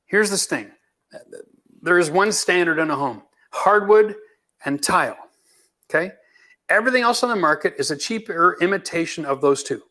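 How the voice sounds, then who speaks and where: A man's voice: high-pitched, animated, moderate pace, pauses often, sharp tone. A middle-aged man from Canada, a home renovation host answering viewer questions in a blunt, emphatic, folksy way. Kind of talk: live Q&A chat.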